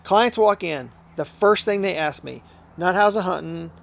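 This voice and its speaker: A man's voice: high-pitched, normal speed, vocal fry. A man who works as a hunting outfitter and guide, telling stories in a casual podcast interview. He talks earnestly and at length, often acting out what people said to him. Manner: earnest, talkative, often acts out quoted dialogue.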